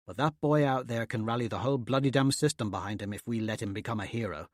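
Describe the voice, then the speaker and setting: A man's voice: mid-range voice, quick pace, no echo, studio quality, natural voice. A man voicing a hard battlefield commander in an audiobook, giving and bellowing orders. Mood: commanding.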